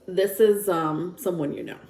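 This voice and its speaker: Female tarot reader with a lowish voice, talking in a loose, rambling, filler-heavy way. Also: moderate pace, darkish tone. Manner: rambling and chatty, with frequent filler words. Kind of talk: casual tarot reading.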